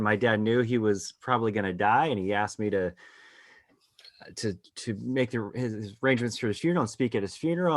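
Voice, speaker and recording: Low-voiced man spinning a rambling story. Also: brisk, dry recording, studio quality. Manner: animated, rambling storyteller with many restarts. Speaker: podcast co-host. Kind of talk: casual storytelling in conversation.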